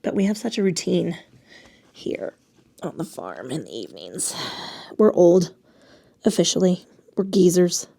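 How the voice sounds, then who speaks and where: A woman's voice: lowish voice, very animated, a little slow, creaky, pauses often, mellow, husky. A woman leading a yoga class, talking her way through the poses with chatty, self-mocking asides and casual swearing, a little out of breath. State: breathing heavily. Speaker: yoga instructor.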